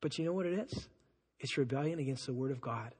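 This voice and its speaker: A man preaching a sermon as pastor, conversational and animated, acting out the people he quotes. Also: mid-range voice, fast talker, husky. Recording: long hall reverb.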